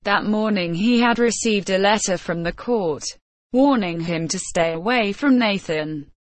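A woman narrating a story in an even, deliberate reading. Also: mid-range voice, dry recording. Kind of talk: scripted narration.

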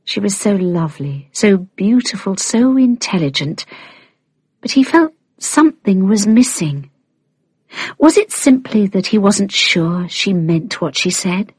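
A woman reading an audiobook aloud in calm, unhurried scripted narration. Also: medium pitch, husky, dry recording. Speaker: audiobook reader.

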